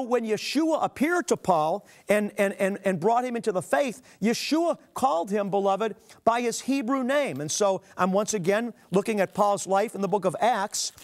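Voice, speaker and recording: A man preaching a sermon, earnestly reading scripture aloud and calling his listeners "beloved". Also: sits high. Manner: reads scripture aloud with emphatic pauses.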